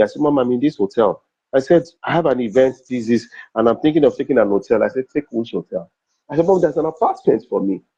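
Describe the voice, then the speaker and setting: A man's voice: medium pitch, creaky, dark tone, slightly rough. A middle-aged man with a Nigerian accent, a comedian and MC telling personal stories in an interview, acting out dialogue and repeating phrases for emphasis. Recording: dull, slightly lo-fi recording.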